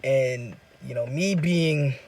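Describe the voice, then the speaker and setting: A man's voice: mid-range voice, slow pace, darkish tone, a little hiss or hum. A young man in his twenties telling a personal story in casual, rambling talk full of fillers and repeats. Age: 20s. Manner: loose, repetitive, filler-heavy talk. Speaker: vlogger sharing a personal story.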